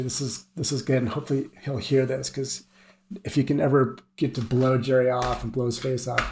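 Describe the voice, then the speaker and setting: A man's voice: mid-range voice, a little mellow. A middle-aged man, a veteran climber and podcast guest, telling stories in a casual, rambling way, often laughing and filling with "you know" and "like". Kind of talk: casual storytelling.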